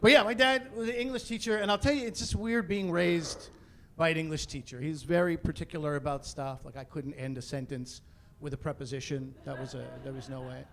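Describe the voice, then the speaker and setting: A middle-aged Canadian man does stand-up comedy in a fairly high, gravelly voice, speaking briskly. He tells his stories with animated energy, bursting into loud, exasperated outbursts and imitating the voices of the people in them.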